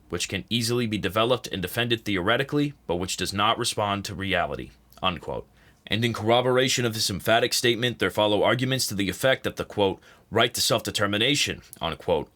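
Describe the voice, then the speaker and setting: A man reading a political text aloud as an audiobook, saying the quote marks and parentheses out loud. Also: lowish voice. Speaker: audiobook reader. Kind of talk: read-aloud nonfiction narration.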